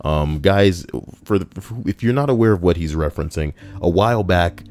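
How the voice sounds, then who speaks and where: Deep-voiced, profane male streamer. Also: moderate pace, a little mellow. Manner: profane, rambling, laughs at his own stories. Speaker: livestream host. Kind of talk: casual reaction stream chat.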